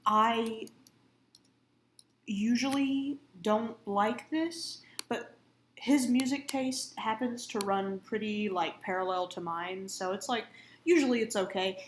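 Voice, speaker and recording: A woman's voice: medium pitch, slow, reverberant, a little hiss or hum. A woman co-hosting a live drawing stream, chatting casually, laughing often and telling stories. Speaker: comic artist co-host on a live drawing stream. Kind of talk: casual chat.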